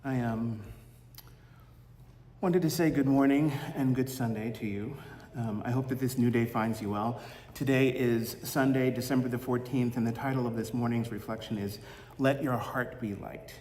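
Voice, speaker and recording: A man giving a Sunday reflection as minister, gentle and halting, fond of corny puns. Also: mid-range voice, fairly even intonation, a little hiss or hum. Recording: roomy echo with long hall reverb, faint ambience.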